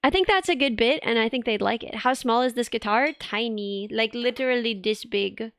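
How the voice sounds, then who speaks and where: Young woman streamer, chatty and giggly, fairly high, smooth tone, dry close mic. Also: normal speed, fairly bright tone, no echo. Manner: giggly, chatty, rambling with filler words. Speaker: VTuber streamer. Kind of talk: casual live-stream chat.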